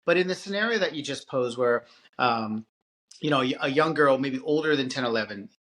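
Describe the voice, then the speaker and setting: A man co-hosting a parenting podcast, talking casually and in an animated way, often restarting his sentences. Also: mid-range voice. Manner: animated, halting with restarts and filler. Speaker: podcast co-host. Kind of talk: casual conversation.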